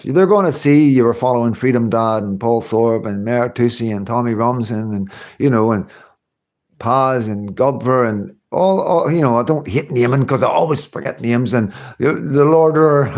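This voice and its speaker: Rambling Scottish man chatting on a livestream. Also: medium pitch. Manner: rambling, chatty, laughs often, many fillers. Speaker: livestream host. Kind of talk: casual livestream chat reading comments.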